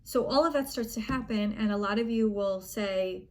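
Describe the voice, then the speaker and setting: A woman's voice: medium pitch, moderate pace. A young adult woman coaching young gymnasts, speaking casually and earnestly, reassuring them and acting out an athlete's panicked thoughts. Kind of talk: casual spoken coaching advice.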